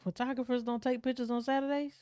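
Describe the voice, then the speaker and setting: A woman's voice: sits high, level tone, quick pace, mellow, dry recording, studio quality. A woman hosting a reaction show, tossing blunt, sassy quips between clips. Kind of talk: casual reaction commentary.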